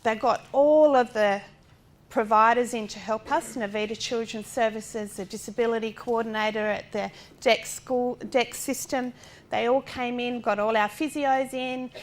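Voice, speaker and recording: A middle-aged woman gives a lecture talk as a parent of a child with a disability. She speaks directly, asks rhetorical questions and acts out what other people said. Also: a little high. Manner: animated, acting out other people's lines. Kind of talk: lecture talk drawn from personal experience.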